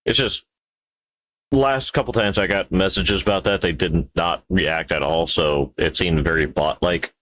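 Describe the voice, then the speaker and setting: A man's voice: deep voice, a little slow, fairly bright tone. A man streaming live while building a 3D model, talking to himself in a rambling, playful way with wordplay asides.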